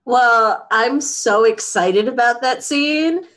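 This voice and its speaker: A woman chatting as a tabletop player, excitable and enthusiastic. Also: fairly high pitch, takes it slowly.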